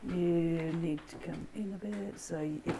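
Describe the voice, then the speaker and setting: A woman investigating a haunted building, asking soft, coaxing questions into the dark. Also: on the low side, steady tone, unhurried, creaky, background noise. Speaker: paranormal investigator. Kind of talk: hushed ghost-hunt narration. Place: dark old building indoors.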